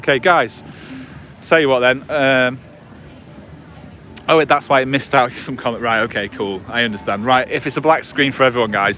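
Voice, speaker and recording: A man's voice: medium pitch, sharp tone, slight background noise. A man in his forties chatting casually with livestream viewers on a phone, rambling with lots of fillers and restarts, outdoors on a promenade at night. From England. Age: 40s. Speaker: livestream host. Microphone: phone on a gimbal.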